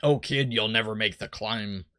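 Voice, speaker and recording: A man voicing a gruff, weathered male harbor captain in a rough pirate-style put-on voice, reading game dialogue aloud. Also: on the low side, normal speed, pushed and bright, no echo, studio quality.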